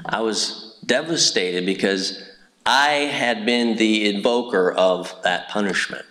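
A middle-aged man from Indiana speaks to a congregation, sharing a personal testimony. His voice sits a bit low, and he talks earnestly, with frequent ums, uhs and restarts. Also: slow, fairly bright tone, poor audio. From Indiana, USA. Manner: earnest storytelling with frequent fillers. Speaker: church speaker giving testimony.

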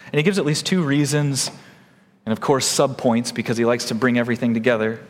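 A man preaching a sermon, animated and emphatic, his pitch swinging widely as he stresses points. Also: a little fast, big-room sound. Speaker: pastor.

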